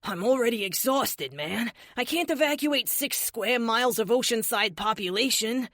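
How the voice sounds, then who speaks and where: A worn-out young superhero guy with a Boston accent, played by a woman narrator. He jokes through his fatigue, in a lively voice recorded dry and close. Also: mid-range voice, slow pace, no echo. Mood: weary. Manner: weary, joking. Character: tired young male speedster with Boston accent.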